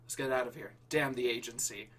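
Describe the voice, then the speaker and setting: A man's voice: medium pitch, a little fast, fairly bright tone, far from the mic, lightly acted. A man reading the lines of a cocky male secret agent in a cliché action-movie parody story, close to his own voice.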